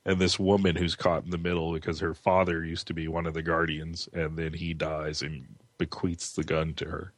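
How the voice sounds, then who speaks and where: A man's voice: extremely low pitch, level tone, normal speed, few pauses, no echo. A man co-hosting a casual chat about TV and comics, enthusiastic and laughing as he talks. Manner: enthusiastic, laughs while talking. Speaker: podcast co-host.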